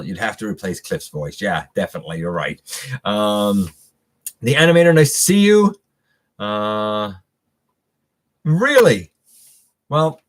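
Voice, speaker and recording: Rambling man hosting a live stream. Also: medium pitch. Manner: rambling, many fillers and restarts. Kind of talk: casual live stream chat, reading viewer comments.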